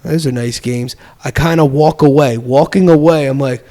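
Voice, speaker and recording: A man's voice: a little high, normal speed, a little mellow. A man on a podcast casually telling a childhood story, acting out the quoted voices and laughing often. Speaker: podcast host.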